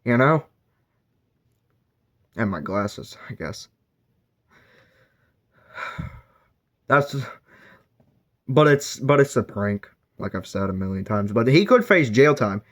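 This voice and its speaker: Reviewing a book, a man meanders along, using fillers and often fixing his sentences partway through. Speaking slowly at a typical mid pitch, he pauses often and his pitch swings widely.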